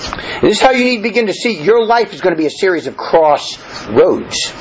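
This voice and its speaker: A man preaching a sermon with a lively, swooping delivery, reading verses and then unpacking them in everyday talk. He restarts his phrases often as he explains. The recording is a little dull, with faint noise behind him. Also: sits high, brisk. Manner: reads scripture aloud then explains it in plain talk; frequent fillers and restarts, conversational preaching. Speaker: pastor.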